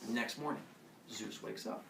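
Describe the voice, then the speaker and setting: A man teaching a class, retelling a story in a playful, animated way and quizzing his listeners, recorded from a distance in an echoey classroom. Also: lowish voice, unhurried, vocal fry, a little hiss or hum. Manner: playful, asks the class questions. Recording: echoey classroom, far from the mic.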